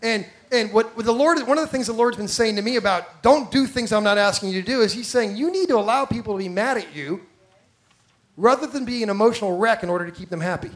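A man's voice: sits high, quick pace. A man preaching a conversational sermon, self-deprecating and often repeating words as he builds a point. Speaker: pastor.

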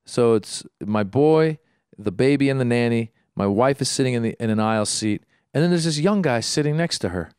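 A man telling a story in casual chat, animated, with quick restarts and stammers. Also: medium pitch, smooth, dry recording, clean studio sound. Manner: animated, acts out the people in his story. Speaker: guest.

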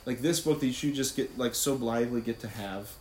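A man giving an informal Catholic talk, animated and conversational, often laughing and asking "right?". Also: mid-range voice, a little fast, a little hiss or hum. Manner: laughs easily while talking. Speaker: Catholic speaker. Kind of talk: casual faith talk.

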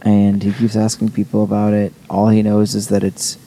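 A man with a low, gravelly voice talks in a laid-back, hesitant way on a casual podcast. His tone is dark and mellow, with faint noise behind him. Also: completely flat delivery, moderate pace. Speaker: podcast co-host. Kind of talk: casual chat.

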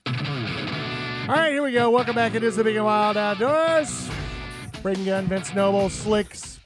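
A man's voice: high-pitched, a little slow, music in the background. A man hosting a casual sports and outdoors radio show, telling stories and acting out what people said. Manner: lively storyteller, acts out quotes.

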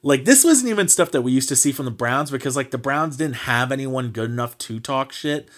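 A man hosting a casual sports podcast, talking at an ordinary middle pitch. He rants in a heated, mocking way and swears freely. His sentences are loose and packed with fillers. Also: animated, fairly quick, fairly bright tone. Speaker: podcast host.

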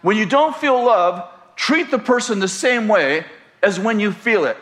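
A man's voice: high voice, lively intonation, unhurried, fairly bright tone. A man preaching a sermon, telling a humorous story and often laughing as he goes. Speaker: pastor.

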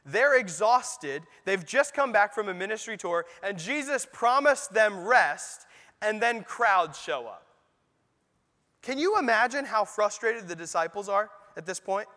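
A male pastor preaches in a high, bright, forceful voice. He talks to the congregation conversationally and drops in rhetorical asides. His words ring out with the long reverb of a church sanctuary. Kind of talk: sermon.

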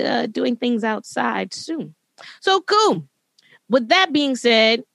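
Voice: mid-range voice, a bit bright, dry recording. An upbeat podcast host keeps a casual live show moving, joking and throwing in churchy exclamations. The sound is dry and close, with no room around it. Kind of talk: casual chat.

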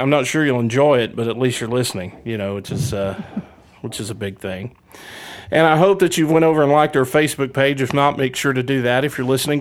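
A man hosting a casual wrestling podcast, joking and rambling with playful trash talk. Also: mid-range voice. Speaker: podcast host.

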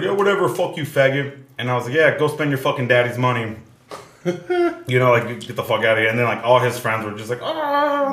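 A man's voice: lowish voice, a bit bright. A man telling a rambling, profane story in casual podcast chat. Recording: echoey room.

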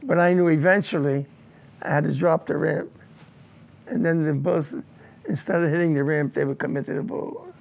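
An older man, a war veteran, telling his combat memories in an oral history interview, halting and repeating words as he goes. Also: on the high side, creaky.

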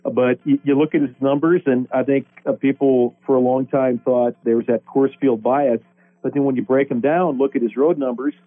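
Husky man on a phone line. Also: mid-range voice, fairly even intonation, moderate pace. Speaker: guest baseball broadcaster. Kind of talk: casual sports radio interview.

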